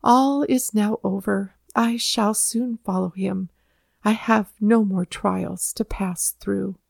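A composed old widow who speaks firmly and evenly , as a woman reads her lines aloud. The voice is slightly gravelly and sounds dry and close. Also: medium pitch, slow, no room sound, exaggerated voice. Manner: firm, even delivery. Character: composed elderly widow, firm and collected.

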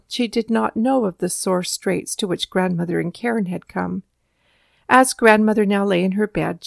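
A woman narrating a storybook in a calm, measured and gentle way. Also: medium pitch, creaky, dry recording, clean studio sound. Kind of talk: storybook reading.

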